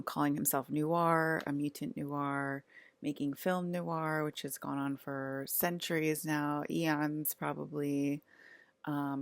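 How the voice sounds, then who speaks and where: Low, gravelly-voiced woman rambling. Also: no echo. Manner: rambling and halting, many fillers. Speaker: vlogger. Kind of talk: casual monologue to camera.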